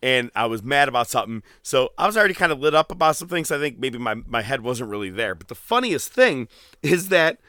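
Bright-voiced man recapping wrestling. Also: medium pitch, a little fast, smooth, no room sound, clean studio sound. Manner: animated storytelling, swears freely, acts out quotes. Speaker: podcast co-host. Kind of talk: casual wrestling recap chat.

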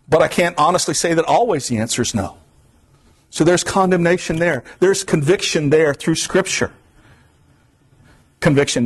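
A man from Florida preaching a sermon in an earnest, repetitive cadence. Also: on the high side.

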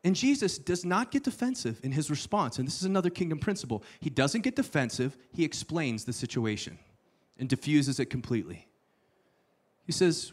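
A man preaching a sermon, telling the story with playful asides and sudden hushed lines. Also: medium pitch, expressive, fairly quick. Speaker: pastor.

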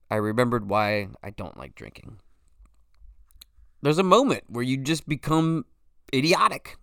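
A man's voice: mid-range voice, moderate pace, gravelly, a bit bright, smooth, dry recording, clean studio sound. A man in his forties hosting a podcast alone, talking in a loose, rambling way, swearing freely and saying "you know" a lot. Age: 40s. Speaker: podcast host. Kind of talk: casual solo monologue.

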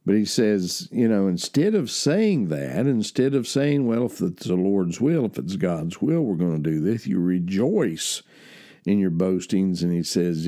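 A man's voice: fairly low pitch, mellow. A man with a West Virginian accent preaching a sermon in a folksy, conversational, homespun way.

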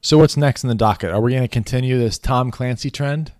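A man co-hosting a casual film review podcast, chatting in an animated way and acting out his own reactions. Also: medium pitch, a little fast, no echo, clean studio sound. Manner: animated, acts out quoted reactions. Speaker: podcast co-host.

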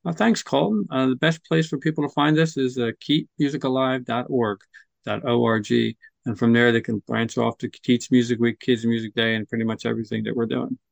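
Gravelly-voiced man, encouraging podcast guest. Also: mid-range voice, fairly even intonation, brisk, no echo. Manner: chatty, encouraging, acts out kids' voices. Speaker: guest, music nonprofit leader. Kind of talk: casual podcast interview.

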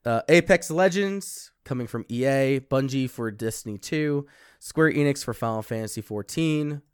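A man's voice: medium pitch, normal speed, clean tone, no echo. Young male co-host, blunt and profane, dry close recording. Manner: blunt, swears casually, reads lists aloud. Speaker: podcast co-host. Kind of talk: casual chat.

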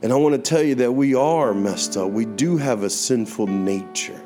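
A young man preaching, telling a personal testimony in an earnest voice that slows down for emphasis. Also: mid-range voice. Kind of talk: sermon testimony. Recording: guitar music playing underneath.

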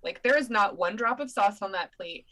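A chatty young woman with a bright, crisp voice, co-hosting a relaxed conversation. She tells stories with animated energy and frequent laughs. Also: medium pitch, normal speed, poor audio. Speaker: podcast co-host. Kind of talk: casual chat.

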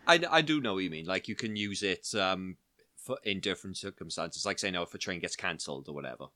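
Podcast host guy, bouncy lively voice, super dry sound, casual and supportive. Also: sits low, quick pace, no echo. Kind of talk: casual chat.

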